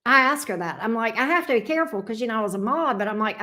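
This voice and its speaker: She's a middle-aged tarot reader running a livestream, going through viewer comments in a casual, blunt, sassy way and cursing freely. Her slightly high voice is expressive, pushed and bright, and she talks fast with few pauses.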